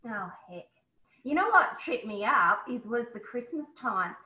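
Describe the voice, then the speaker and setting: A woman being interviewed, talking in an animated, emotional way and often breaking into exclamations. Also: fairly high pitch, unhurried. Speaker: interview guest, business owner. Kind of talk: casual interview chat. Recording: echoey, slightly dull recording.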